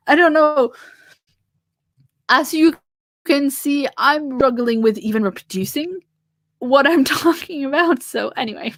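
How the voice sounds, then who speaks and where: A woman's voice: high-pitched, slow pace, pauses often, a bit bright, no room sound, clean studio sound. A woman with a French accent, a native French speaker, hosting a livestream in a rambling, casual chat full of fillers and restarts, talking from home on a webcam. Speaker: livestream host.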